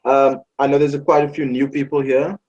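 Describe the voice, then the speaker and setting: A man's voice: mid-range voice, level tone, fairly quick, darkish tone. A man moderates a group call and stumbles through his questions with many ums and restarts. His voice comes through a muffled, lo-fi line. A faint noise hangs under it.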